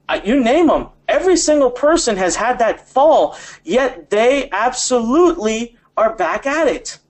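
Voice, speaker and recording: A man hosts a live motivational webinar. He speaks emphatically, circles back on his phrases and talks straight to the viewers. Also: sits high. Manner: emphatic, repeats phrases, addresses viewers directly. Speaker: webinar host.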